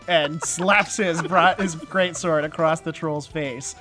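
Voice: medium pitch, fairly even intonation, takes it slowly, few pauses, a bit bright, soft background music. A game master narrating a tabletop game casually, laughing often and using filler words.

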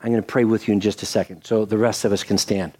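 In a lowish voice and at a fast clip, an older pastor gives a sermon. First comes a spirited story with dramatized quotes, and after that he guides a soft prayer.

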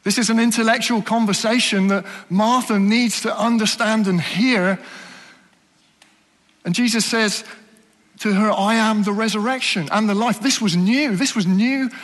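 A man preaching a sermon in a church, earnest and questioning, often dropping to soft, slow emphasis. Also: sits high, steady tone, long reverb tail.

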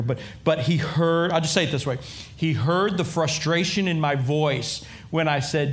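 High-voiced animated male pastor. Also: moderate pace. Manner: animated, acts out voices, repeats and restarts. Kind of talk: sermon.

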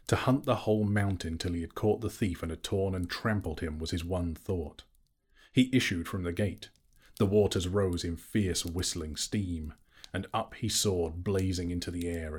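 Man, audiobook narration, low voice, husky, measured and dramatic. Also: a little mellow. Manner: slow, measured and dramatic reading. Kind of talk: scripted storybook narration.

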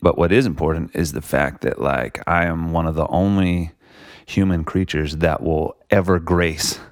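A man's voice: low-pitched, fairly even intonation, moderate pace, no room sound, studio quality. A man talking reflectively in a casual conversation, rambling with lots of "like" and "you know". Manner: reflective, rambling, many likes and you knows.

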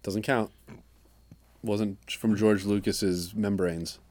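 A man's voice: lowish voice, fairly even intonation, takes it slowly, darkish tone, no echo. A man co-hosting a casual comedy podcast, riffing and rambling about absurd ideas. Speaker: podcast co-host.

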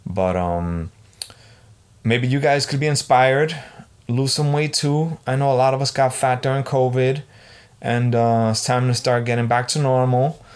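A man's voice: medium pitch, measured pace, clean tone. A man of about forty hosting a solo podcast, telling stories in an exasperated, profane rant. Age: 40s. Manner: swearing, exasperated storytelling. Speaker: podcast host.

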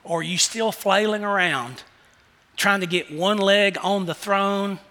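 High, bright-voiced preacher in a reverberant hall. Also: male voice, measured pace. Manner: animated, swings from hushed questions to shouted emphasis. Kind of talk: sermon.

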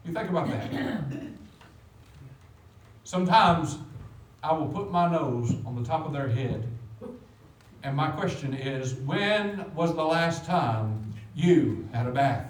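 A man preaching a sermon as pastor, animated, with big swings in loudness. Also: on the high side, measured pace, far from the mic. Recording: echoey room, voice from off the mic.

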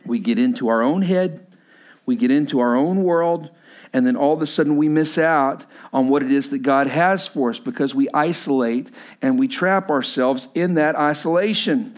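A man's voice: a little high, normal speed. A man preaching a sermon with emphasis, often repeating his key lines for the congregation. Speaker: pastor.

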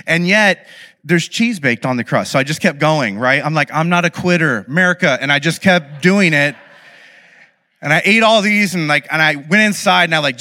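Bright-voiced man telling stories in a reverberant hall. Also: a little high. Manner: animated, self-deprecating storyteller. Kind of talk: humorous storytelling sermon.

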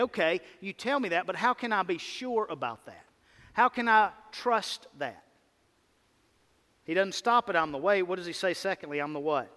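A man's voice: high-pitched, fairly bright tone, long reverb tail. A man preaching a sermon, with an emphatic, repetitive cadence and rhetorical questions.

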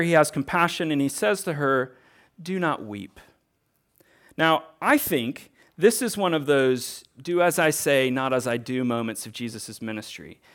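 Earnest man preaching a sermon. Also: mid-range voice. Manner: earnest, conversational preaching with rhetorical questions. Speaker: pastor.

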